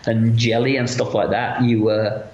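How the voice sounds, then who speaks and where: A man at a middle pitch tells long, lively anecdotes as an interview guest, full of fillers and quoted dialogue. His voice carries a noticeable roomy echo. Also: measured pace, highs cut off, crowd noise. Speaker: interview guest, effects makeup artist. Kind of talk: casual storytelling interview.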